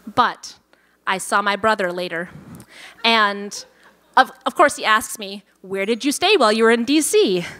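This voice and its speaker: A woman telling a personal story live on stage at a venue event, lively and self-amused, acting out her own thoughts. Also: mid-range voice, measured pace.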